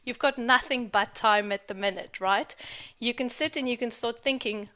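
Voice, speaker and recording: Speaking at normal speed in a slightly high voice with a sharp edge, a woman rants candidly on her spiritual vlog. Her delivery is frank and emphatic, full of swearing, and she says things again to hammer them home.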